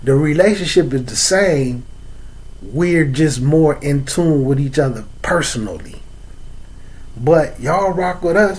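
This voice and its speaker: Streetwise Chicago man talking loosely. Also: a little high. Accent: African American English. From Chicago, USA. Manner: loose, streetwise, repeats "man" and "you know what I'm saying"; laughs between points. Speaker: host. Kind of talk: casual religious talk to an audience.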